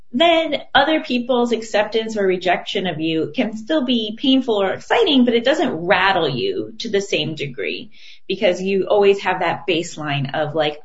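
A woman's voice: medium pitch, lo-fi sound. A woman guest in an interview, a podcaster and relationship coach talking earnestly and expressively. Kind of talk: conversational interview.

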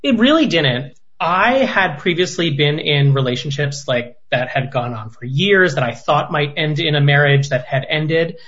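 Man guest, higher pitch, easygoing and chuckling, slightly dull recording. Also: moderate pace, few pauses. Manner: relaxed, chuckling, filler-heavy. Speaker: interview guest, partner of the other guest. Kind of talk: conversational interview.

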